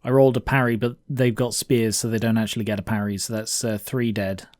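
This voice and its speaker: A man's voice: fairly low pitch, little pitch movement, a little fast, darkish tone, slight background noise. A man casually narrating his own tabletop wargame, thinking aloud with frequent fillers.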